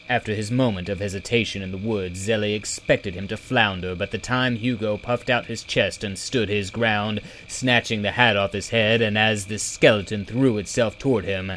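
A man narrating a storybook in a slow, measured reading. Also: fairly low pitch, a bit bright, a little hiss or hum. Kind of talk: audiobook narration.

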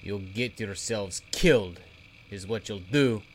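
A man voicing a caring, protective living satchel creature for a storybook, talking in a bright, coaxing way. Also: fairly low pitch, takes it slowly, a little hiss or hum. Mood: reassuring.

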